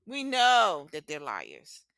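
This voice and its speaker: Woman podcast co-host, forceful bright tone, outspoken and profane, dry close mic. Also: lowish voice, wildly swooping pitch, slow, no echo. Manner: blunt, profane, emphatic. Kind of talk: casual opinionated chat.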